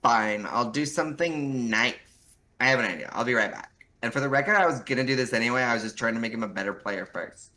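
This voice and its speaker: A man's voice: mid-range voice, fast talker, pushed and bright, a little hiss or hum, close to an everyday voice. A man reading a brash, smug teenage troll girl from a webcomic aloud, with a mocking, scornful delivery. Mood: defensive.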